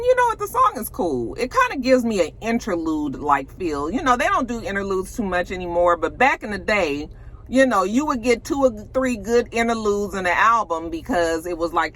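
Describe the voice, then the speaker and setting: With slight background noise behind her, a woman whose voice sits on the low side runs through a reality show episode in a casual recap. Her storytelling is lively, full of acted-out quotes, swearing, and laughter.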